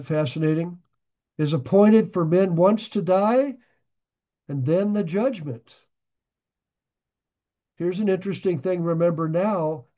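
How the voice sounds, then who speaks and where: An older male pastor preaching in a high, lively voice. He talks folksy and plain, dropping jokes between scripture readings and swelling suddenly louder on key points. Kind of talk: sermon.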